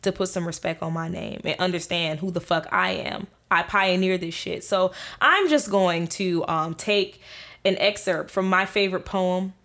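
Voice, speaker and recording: A woman's voice: fairly low pitch, moderate pace, a bit bright. A woman co-hosting a casual podcast chat, speaking, emphatic and profane, laughing often as she argues her point. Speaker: podcast co-host.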